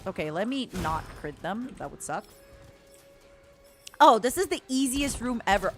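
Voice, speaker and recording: A woman streamer giving playful, casual commentary as she plays a game, calling her viewers honey and darling. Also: mid-range voice.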